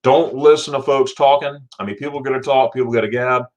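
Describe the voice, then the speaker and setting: Middle-aged male livestream host, chatty and upbeat, mid-pitched voice, greets viewers with sudden excited jumps. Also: fairly quick. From Florida, USA. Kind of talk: casual livestream chat reading viewer comments.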